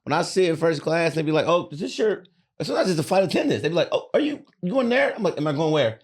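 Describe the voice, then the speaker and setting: High-voiced lively man joking. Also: fast, breathy edge. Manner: lively, playful, mimics voices. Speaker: podcast co-host. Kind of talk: casual comedic chat.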